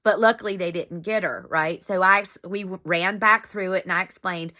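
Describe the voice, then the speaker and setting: A woman's voice: on the low side, fairly even intonation, normal speed, sharp tone. A middle-aged woman telling a family story in a casual vlog, chatty and laughing often.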